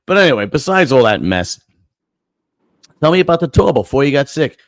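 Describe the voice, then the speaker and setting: A man's voice: medium pitch, brisk, dry recording. A man hosting a casual podcast chat, telling a story full of swearing and acting out the people in it. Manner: profane, animated storyteller acting out quotes. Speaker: podcast host.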